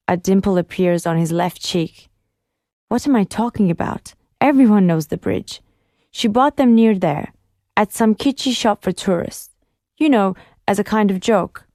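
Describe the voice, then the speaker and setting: A woman calmly narrating a first-person audiobook in a measured way. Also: medium pitch, dry recording, studio quality.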